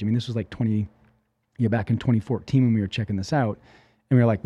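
A man who runs a fitness franchise, telling his story in a casual interview with an animated manner and lots of fillers. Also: medium pitch, quick pace, husky, no room sound.

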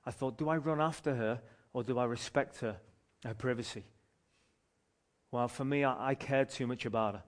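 A man, a street pastor telling a story from the pulpit in an animated way, often restarting his phrases. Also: medium pitch, normal speed. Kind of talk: sermon testimony storytelling.

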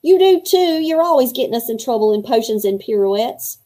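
A woman's voice: fairly high pitch, lively intonation, fairly quick, warm tone, lightly acted. A woman doing a teasing young mummy girl.

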